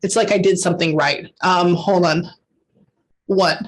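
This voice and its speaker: A woman's voice: fairly low pitch, fairly even intonation, a little slow. A woman working as a psychic medium in a casual reading, emotional and swearing freely, often stopping to say hold on. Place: lives in Texas.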